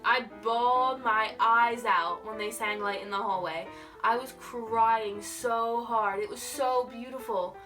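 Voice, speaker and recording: Bright-voiced gushing young woman. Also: fairly high pitch, takes it slowly, far from the mic, faint music behind. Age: young adult. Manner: gushing, excitable, heavy use of "like". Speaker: vlogger. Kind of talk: casual storytelling.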